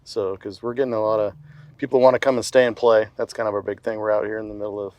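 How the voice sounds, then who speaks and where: A man's voice: lowish voice, level tone, fast, darkish tone, highs cut off. A man who manages a golf resort project, talking plainly in casual chat.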